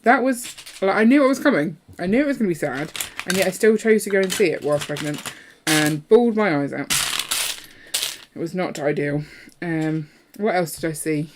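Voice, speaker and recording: Chatty woman, slightly low voice. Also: moderate pace, a little hiss or hum. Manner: chatty and playful, breaks into song. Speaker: host of a live building stream. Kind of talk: casual chat while building.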